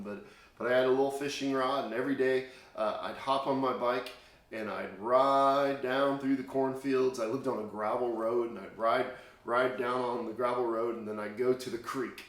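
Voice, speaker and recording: A man from Indiana telling a Bible story to children in a chatty, storytelling way with plenty of fillers and restarts. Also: medium pitch. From Indiana, USA. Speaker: children's chapel speaker. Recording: echoey room.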